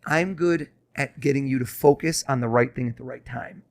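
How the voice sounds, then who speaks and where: A young man, a mentalist guest on a podcast, talking fast and coaxing as he reads a host's mind live. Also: mid-range voice. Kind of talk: casual podcast talk with live mind-reading.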